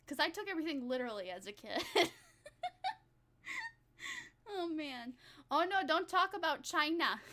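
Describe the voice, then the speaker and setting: A young woman chats casually with her stream viewers, rambling from one thing to the next and making fun of herself between giggles. Her voice sits high. Its tone is bright and sharp. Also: animated, normal speed, long pauses. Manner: giggly, rambling, self-mocking. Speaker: vtuber streamer.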